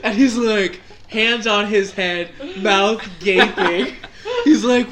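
A young man telling a story in casual chat, animated and laughing as he acts out his own reactions. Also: high voice, takes it slowly, crowd noise.

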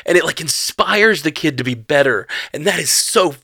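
A man co-hosting a casual chat, gushing and excitable, full of fillers and restarts. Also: a little high, normal speed, breathy edge, no echo, studio quality. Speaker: podcast co-host. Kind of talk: casual movie discussion.

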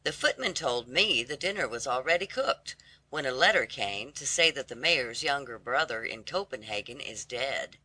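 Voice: medium pitch, expressive, moderate pace, bright, forceful tone, dry recording. A reader doing Lame Martha, a gossipy old woman. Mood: gossiping. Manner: sympathetic, scolding chatter. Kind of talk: storybook reading.

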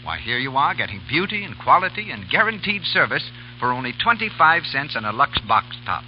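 Man, 1930s radio announcer, enthusiastic sales read, animated pitch. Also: brisk, faint music behind, low-quality recording. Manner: enthusiastic, persuasive.

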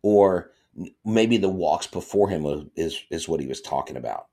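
A man hosting a live sports podcast, chatting casually and reading viewer comments aloud in excitable fan banter. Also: sits low, moderate pace. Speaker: podcast host.

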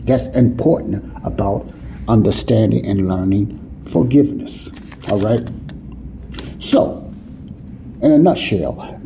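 A man's voice: lowish voice, mellow, slight background noise, rough recording. A man teaching the Bible in an emphatic, conversational preaching style, often checking that listeners follow. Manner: repeats "you see what I'm saying?" to listeners.

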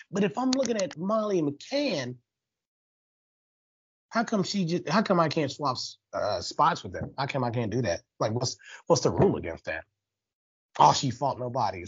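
A man hosting a sports talk show, delivering a heated, animated rant full of rhetorical questions, on a dull lo-fi recording. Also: mid-range voice, slightly rough. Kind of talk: ranting sports commentary monologue.

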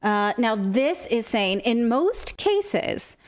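A woman's voice: fairly high pitch, very animated, slow. A woman co-hosting a political commentary show, reading from a report with a sarcastic edge. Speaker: co-host.

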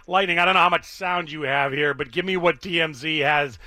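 A man's voice: fairly high pitch, a little fast, bright, forceful tone, no room sound, clean studio sound. A man hosting a talk radio show, telling a story in a chatty way and addressing his co-host. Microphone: studio microphone.

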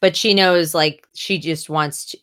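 A young woman chatting casually about books, animated and full of fillers, jumping up in pitch when she acts out quotes. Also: unhurried. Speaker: podcast co-host discussing books. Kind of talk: casual chat.

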